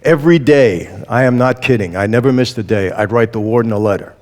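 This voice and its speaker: Man, interview guest, animated storyteller, voices the people he quotes, long echo trailing off in a big room. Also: medium pitch, fairly quick. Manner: lively storyteller who acts out quoted dialogue. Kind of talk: storytelling testimony.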